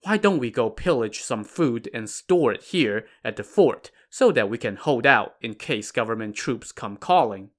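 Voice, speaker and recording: A man voicing a calm, shrewd male bandit strategist who speaks in a measured way, in a narrated story podcast. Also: medium pitch, natural voice. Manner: measured, deliberate.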